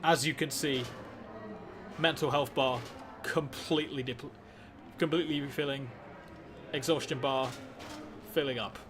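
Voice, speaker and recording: A man's voice: mid-range voice, fairly even intonation, unhurried, over music. Dry, stammering man narrating a game. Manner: dry, wry, stammering with many restarts. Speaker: gaming video host. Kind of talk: let's play commentary.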